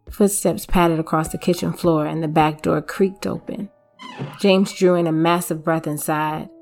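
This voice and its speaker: Low-voiced woman reading a horror story. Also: level tone, measured pace, a little mellow. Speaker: narrator. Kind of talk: scripted narration. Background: faint music.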